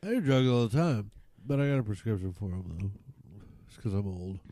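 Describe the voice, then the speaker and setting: A man's voice: fairly low pitch, expressive, brisk, mellow, no room sound. A man in his forties, a podcast co-host telling crude stories in casual chat, laughing often. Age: 40s.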